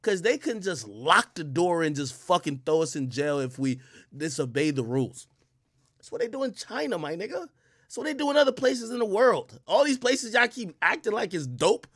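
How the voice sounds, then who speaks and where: A young man ranting on his livestream, heated and profane, firing off rhetorical questions. His pitch sits a bit high for a man and swings widely. The sound is dry and close. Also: fairly bright tone, dry recording. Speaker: livestream host. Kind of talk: casual livestream rant.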